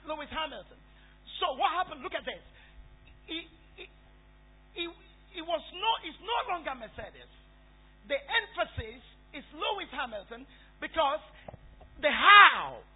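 Man preaching, very high voice, lively call-and-response, tinny phone-like sound. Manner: calls out questions for the congregation to answer, rising to shouts. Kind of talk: sermon.

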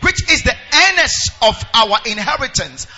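A man's voice: extremely high pitch, big pitch swings, moderate pace, pushed and bright, lo-fi sound. A Nigerian pastor preaching a sermon. He half-sings scripture verses in a sing-song chant and calls out to his congregation.

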